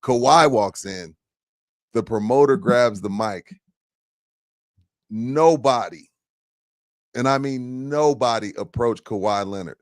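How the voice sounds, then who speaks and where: A man's voice: lowish voice, unhurried, long pauses, no echo. A man, co-hosting a podcast, telling a story in a laid-back, profane way. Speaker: podcast co-host. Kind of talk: casual chat.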